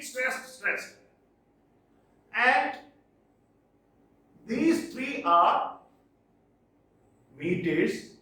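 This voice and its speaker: A male teacher lectures at a very slow, careful pace, his pitch sitting a little high and swinging widely as he chants lines of verse. The sound is echoey and picked up from some distance away in the room. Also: fairly bright tone. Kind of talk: classroom lecture on poetic meter.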